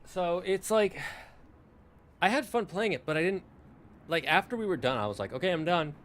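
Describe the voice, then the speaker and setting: A man's voice: sits high, sing-song, normal speed, fairly bright tone. Rambling young man chatting on stream. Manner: rambling, self-correcting, talks in asides to chat. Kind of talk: casual chat to a live stream.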